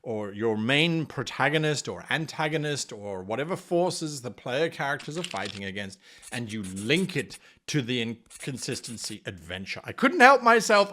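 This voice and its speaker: Enthusiastic male game-master coach, high voice, wide swoops, acts out players. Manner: animated, playfully acts out players and dabbles in accents. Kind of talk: enthusiastic advice video.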